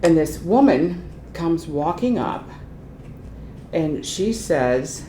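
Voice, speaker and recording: An older woman, a retired transition specialist, telling lively anecdotes in an oral history interview. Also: slow. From Ohio, United States. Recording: echoey room with faint rumble.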